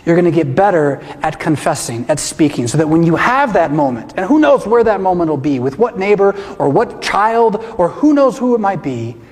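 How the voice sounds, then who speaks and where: A man's voice: a little high, darkish tone. A man who is a pastor, giving an emphatic teaching presentation to a congregation and asking many rhetorical questions. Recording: echoey hall reverb.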